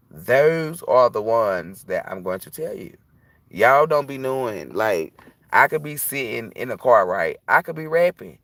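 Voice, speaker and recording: A man's voice: mid-range voice, vocal fry, a bit bright, no echo. A man who reads tarot, talking casually and bluntly on a livestream, preachy and profane. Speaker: tarot reader.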